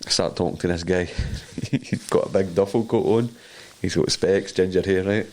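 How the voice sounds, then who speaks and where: A Scottish man co-hosting a podcast, with a fairly low voice. He tells loose, rambling stories between laughs, dropping into playful put-on voices for other people. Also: steady tone, moderate pace, a little mellow. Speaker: podcast co-host. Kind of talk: casual chat, storytelling.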